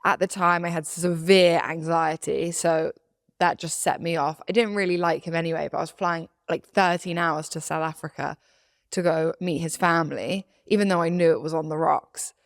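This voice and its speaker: A young woman chats through a story on a podcast with a slightly low voice. She acts out quotes and laughs as she goes, and the recording is close and dry. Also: fairly even intonation, normal speed, gravelly, no room sound. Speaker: podcast co-host. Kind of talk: casual storytelling chat.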